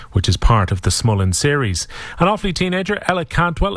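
A man's voice: medium pitch, dry recording. Man reading sports news. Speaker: sports newsreader. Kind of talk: radio sports bulletin. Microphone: studio mic.

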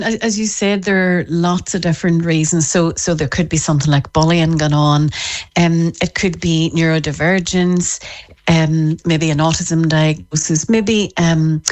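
A middle-aged woman, an author on parenting, explaining in an interview and acting out what parents say. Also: low-pitched. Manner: animated, acts out parents' voices. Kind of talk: podcast interview.

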